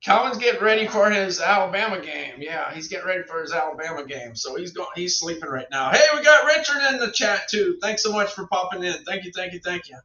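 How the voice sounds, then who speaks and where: A middle-aged man hosts a casual livestream reviewing products, chatting to viewers in a rambling way and repeating his phrases. His voice is high, pushed and bright, a little fast with few pauses, and the sound is roomy, distant, dull and lo-fi.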